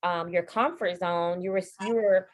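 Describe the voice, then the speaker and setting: A woman with a fairly low voice hosts a podcast interview. She talks in a relaxed, affirming way and reflects on what her guest has said. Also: normal speed. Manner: affirming, frequent small responses. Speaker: podcast host. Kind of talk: conversational interview.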